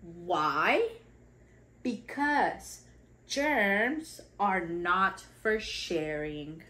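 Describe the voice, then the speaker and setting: A woman reading a picture book to toddlers in a slow, sing-song way, acting out sneezes and sounds. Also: on the low side, expressive, sharp tone. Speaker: children's educator reading aloud.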